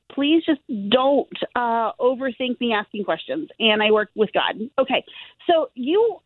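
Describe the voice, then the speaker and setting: A chatty woman gives a psychic reading on a podcast, joking about herself and laughing between thoughts. Her voice sits a little high. The sound is tinny like a phone line and dry, with no room echo. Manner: chatty, self-deprecating, laughs often. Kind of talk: casual podcast chat and reading.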